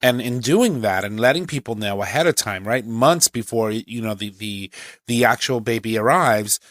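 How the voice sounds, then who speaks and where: A man's voice: medium pitch, moderate pace, fairly bright tone, no echo. A man co-hosting a podcast in casual chat, emphatically affirming and restating what others have said.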